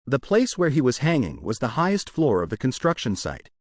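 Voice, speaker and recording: A man's voice: medium pitch, a little fast, dry recording, clean studio sound. Man narrating a comic recap. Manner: steady, plain read-aloud storytelling. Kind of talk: scripted story narration.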